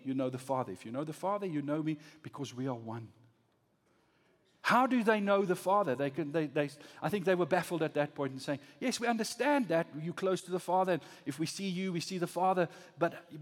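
Guy preaching in a church hall, pretty high voice, goes big then drops real quiet, echoey. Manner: dramatic swings from loud rising emphasis to low soft voicing. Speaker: pastor. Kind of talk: sermon.

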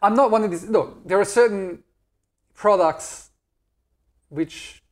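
A man's voice: high voice, takes it slowly. A middle-aged Australian man chatting candidly as an interview guest, joking and self-deprecating. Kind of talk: casual interview chat.

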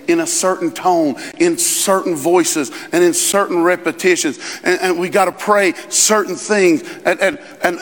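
A man preaching a sermon as pastor, in a conversational style with quick asides and rising emphasis. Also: sits high, fairly bright tone. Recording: long reverb in a large hall.

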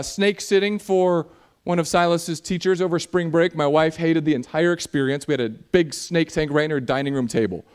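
A man preaching a sermon in a church, animated and jokey, acting out voices as he talks. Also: on the high side, smooth. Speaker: pastor.

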